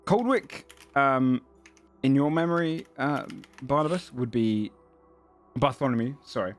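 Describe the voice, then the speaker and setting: A man narrating a tabletop fantasy game as game master, halting with frequent ums and self-corrections. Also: mid-range voice, faint music behind.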